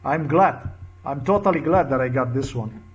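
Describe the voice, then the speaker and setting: A man's voice: medium pitch, moderate pace. A man delivering an angry, repetitive monologue to camera, full of heated crude outbursts. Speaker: vlogger.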